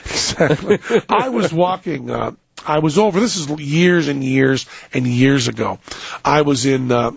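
A man's voice: medium pitch, a little slow, vocal fry, breathy edge, no echo, muffled recording. A middle-aged American man hosting a radio show, telling a rambling story and interrupting himself. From United States. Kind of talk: casual radio chat with storytelling. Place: radio studio.

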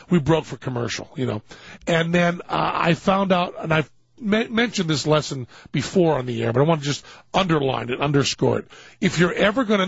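A man hosting a talk show, telling a long comic anecdote in an animated way and acting out other people's lines. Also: fairly high pitch, gravelly, slightly rough, dry recording. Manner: animated storyteller, acting out quoted voices. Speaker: radio show host telling a story. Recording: dull lo-fi dry studio sound.

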